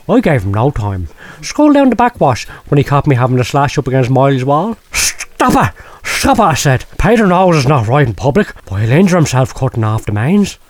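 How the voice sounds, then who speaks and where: A man's voice: mid-range voice, big pitch swings, moderate pace, pitched below the performer's own voice. A man voicing a rambling, lecherous oddball who tells his tale in thick dialect. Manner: rambling, breathless storytelling, dialect-heavy. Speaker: podcast host reading a listener letter. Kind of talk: comic letter reading in character.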